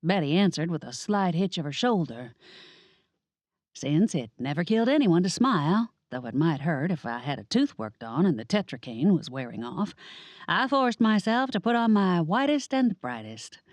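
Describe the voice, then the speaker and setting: A woman's voice: lowish voice, big pitch swings, normal speed, darkish tone, no room sound. A woman narrating a first-person cozy mystery audiobook in a wry, sassy manner.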